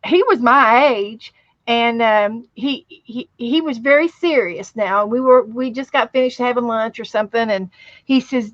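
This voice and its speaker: Slow-talking woman with a West Virginia accent. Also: a little high, no echo, lo-fi sound. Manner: slow, rambling storytelling with many restarts. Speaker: livestream host. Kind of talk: casual livestream chat.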